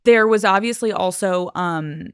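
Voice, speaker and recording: A woman hosting a podcast interview, asking gentle, measured questions. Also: medium pitch, smooth, no room sound, studio quality. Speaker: podcast host.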